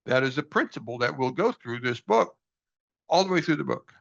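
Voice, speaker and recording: A man's voice: medium pitch, expressive, fairly quick, creaky, a bit bright. An older man reading from a book aloud and reflecting on it in an earnest, folksy, self-deprecating way, on a dull lo-fi recording. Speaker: book study host.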